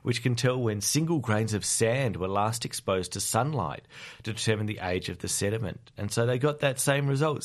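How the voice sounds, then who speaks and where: An Australian man presents a science show on community radio, his voice sitting fairly low. He talks in a loose, friendly way, often pausing on filler words as he explains the news. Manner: relaxed, chatty, many "uh" fillers.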